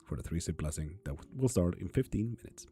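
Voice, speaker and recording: Guy doing a live tarot stream, reads chat out loud and answers, low dark husky voice, kinda loose and sweary. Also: expressive, fast, faint music behind. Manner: reads viewer comments aloud and answers them, swears casually. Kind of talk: casual livestream chat reading comments.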